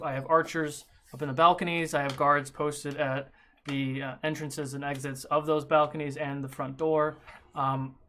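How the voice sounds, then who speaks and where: A man voicing a steady, watchful male guard captain in a tabletop game, speaking haltingly with fillers. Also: a little high, slight background noise, lightly acted. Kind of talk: narrating a tabletop game character.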